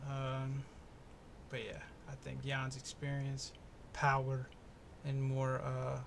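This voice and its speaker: A man's voice: mid-range voice, monotone, slow, creaky, a little hiss or hum. A young man hosting his own podcast, talking in a laid-back, profane, rambling and jokey way. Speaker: podcast host. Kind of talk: casual solo fight-prediction podcast. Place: home in the US East Coast.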